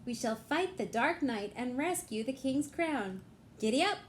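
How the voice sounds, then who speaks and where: A woman's voice: sits high, lively intonation, a little slow, a little hiss or hum. A woman voicing a brave young elephant knight who declaims boldly in a raised voice. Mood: heroic. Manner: heroic, declaiming.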